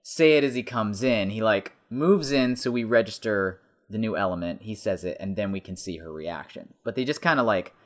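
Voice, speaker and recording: A man's voice: on the low side, animated, normal speed, hardly any pauses. A man co-hosting a casual movie commentary podcast, rambling and laughing often as he talks. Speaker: podcast co-host.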